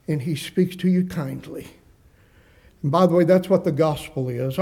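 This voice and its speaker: An earnest male preacher with a fairly high, mellow voice. He puts rhetorical questions to his congregation. He eases into a soft hush on tender words and lifts his voice to press a point. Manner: drops softly for gentle phrases, rises for emphasis. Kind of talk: sermon.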